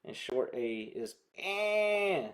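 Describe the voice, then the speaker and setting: A guitar vlogger from the southern United States restrings a guitar while chatting in a rambling way to viewers, his Southern American accent clear. His voice is fairly high with a darkish tone, and he speaks at a moderate pace.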